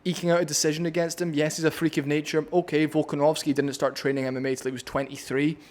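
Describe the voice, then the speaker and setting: A man's voice: on the high side, little pitch movement, fast, darkish tone. A man with a Scottish accent breaking down a fight on his vlog, blunt, opinionated and profane. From Scotland. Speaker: MMA commentator.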